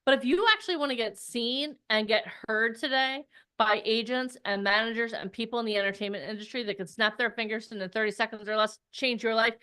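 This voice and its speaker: A woman hosting a live virtual event as its publicist, energetic and talking straight to viewers with repeated calls to comment and join. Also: fairly high pitch, brisk, smooth. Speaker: host and publicist.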